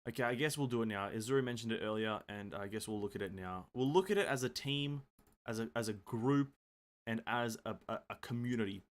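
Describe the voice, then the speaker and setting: A man's voice: medium pitch, fairly quick. Rambling, swearing male gaming streamer. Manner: rambling, self-mocking, swears freely; reads game text aloud with slips. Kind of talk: casual live-stream chat.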